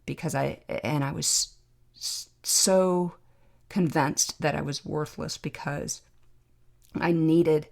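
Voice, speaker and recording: A middle-aged woman hosting a podcast, telling a personal story in a reflective, emotional way with pauses. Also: deep voice, steady tone, vocal fry, darkish tone. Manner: reflective, emotional, pausing to remember. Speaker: podcast host, trauma doctor.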